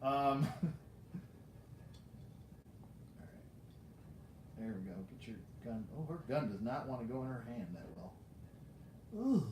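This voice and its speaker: Animated, slow-talking unboxing host who chats to the toys; roomy echo, faint hiss. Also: medium pitch. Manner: rambling and self-mocking, talks to the toys, laughs often. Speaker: toy collector unboxing figures. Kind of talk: casual live unboxing chat.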